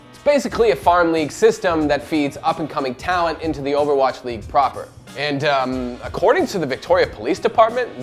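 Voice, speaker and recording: A man hosting esports news, delivering scripted commentary in a wisecracking, profane way. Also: fairly high pitch.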